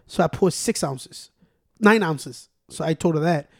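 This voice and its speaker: Man, young adult, high-pitched, dry close sound, swearing, worked up. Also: unhurried, dry recording. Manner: mixes Spanish and English, swears, gets loud and worked up. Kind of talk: casual chat.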